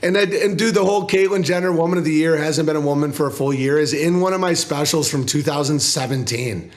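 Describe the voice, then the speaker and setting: A comedian talking casually in an interview, rambling, swearing, and acting out other people's voices. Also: male voice, fast. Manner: profane, rambling, acts out quoted people in lower voices. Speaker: comedian guest.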